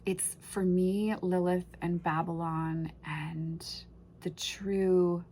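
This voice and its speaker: A woman's voice: fairly low pitch, little pitch movement, takes it slowly, dark tone, slight background noise. A woman casually unboxing and reviewing an oracle deck, gushing and emotional, often trailing off and restarting her sentences.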